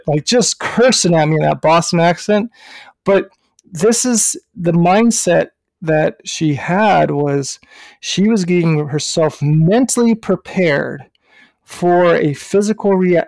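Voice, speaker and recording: A man with a raised, gritty voice recounts a story in a loose, animated way, full of filler words and the odd curse. He is a running coach co-hosting a podcast. His voice sits close and dry in the mic. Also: fairly high pitch, vocal fry, dry recording. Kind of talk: casual storytelling.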